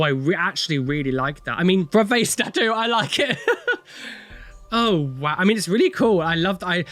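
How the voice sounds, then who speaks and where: A man's voice: on the high side, a bit bright. A young man chatting casually as he reacts to videos, rambling and exclaiming, with frequent swearing. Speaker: tattoo reaction video host.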